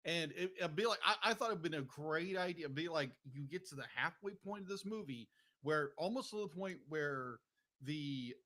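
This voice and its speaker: A man's voice: fairly high pitch, moderate pace, sharp tone. A man hosting a casual film discussion podcast, rambling and restarting his sentences. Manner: rambling, restarts often, keeps saying "be like". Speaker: podcast host.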